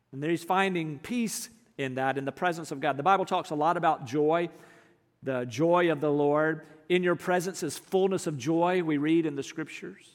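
A man preaching a sermon as pastor, earnest, moving between emphatic lines and hushed ones. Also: on the high side, moderate pace, in a large hall.

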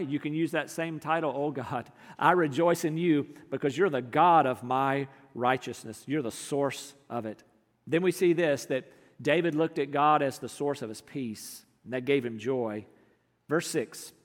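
A man preaching a sermon as pastor, earnest, moving between emphatic lines and hushed ones. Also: a little high, normal speed, in a large hall.

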